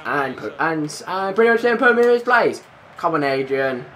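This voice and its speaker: A young man commentating his own football video game, hoarse from shouting, loud and excitable, swearing constantly and yelling at the players. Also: sits high, moderate pace, a faint crowd. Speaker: gamer and channel host. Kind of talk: let's play commentary.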